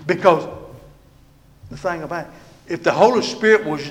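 A man preaching a sermon in a church, moving between loud proclaiming and hushed, almost whispered passages. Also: on the high side, moderate pace.

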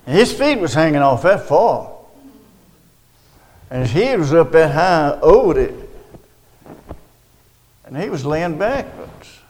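An older man, telling a personal story of faith in a rambling, halting way with many restarts. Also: on the high side, very animated, a little mellow, in a large hall, low-quality recording. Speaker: storyteller recounting a personal witness. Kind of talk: casual spoken testimony.

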